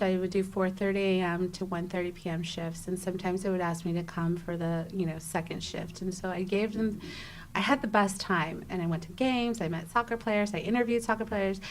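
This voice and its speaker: A young adult woman, a podcast guest, telling a personal story in a casual interview, animated and acting out her own exclamations, with frequent restarts. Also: medium pitch, a little hiss or hum.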